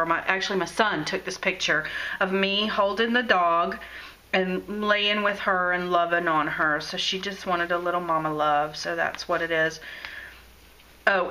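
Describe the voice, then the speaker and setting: A woman's voice: on the low side, bright, forceful tone, low-quality recording. A middle-aged woman chatting casually about her scrapbook journal, gushing and full of fillers and restarts, at home in her craft room. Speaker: scrapbooking vlogger. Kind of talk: casual show-and-tell chat.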